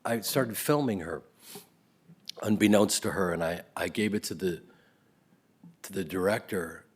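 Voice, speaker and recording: A middle-aged man speaks in a fairly low, husky voice as he gives a tribute. He tells his stories in waves, loud and laughing at one moment, then dropping to a near-whisper. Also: a little slow, pauses often. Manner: swings between loud laughing bursts and soft near-whispers. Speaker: eulogy speaker. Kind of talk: spoken tribute, storytelling.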